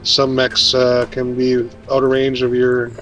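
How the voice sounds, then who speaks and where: A man's voice: mid-range voice, monotone, unhurried, a bit bright, soft background music, poor audio. A man on a voice chat, casually explaining game tactics to teammates. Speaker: teammate giving build advice.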